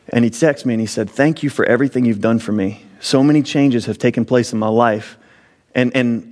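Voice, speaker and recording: Casting: man, 30s, mid-pitched preacher sharing a heartfelt personal testimony, rising emphatic delivery. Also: darkish tone. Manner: earnest storytelling, pitch rising sharply when emphatic. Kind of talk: sermon testimony.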